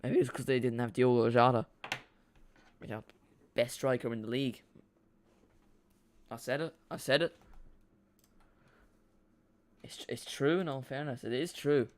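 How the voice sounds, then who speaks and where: A man's voice: medium pitch, steady tone, unhurried, long pauses. A man streaming a live watch-along, chatting casually in a rambling way, repeating himself and reacting to the play.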